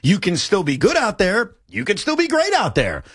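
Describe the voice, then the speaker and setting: A man hosting a sports talk radio show, making his case with a lively, rising and falling delivery. His voice sits a bit high for a man. The studio sound is dry and close. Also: moderate pace, husky, no echo.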